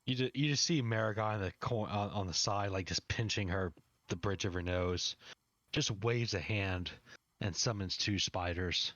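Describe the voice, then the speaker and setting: A man narrating as game master of a tabletop game, relaxed and amused, over a dry, dull recording. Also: lowish voice, moderate pace, no room sound.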